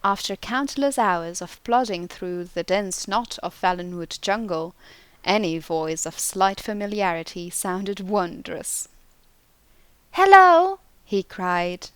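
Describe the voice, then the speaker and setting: A woman narrating an audiobook in slow, deliberate storytelling. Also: on the low side, clean tone, dry recording. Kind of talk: scripted narration.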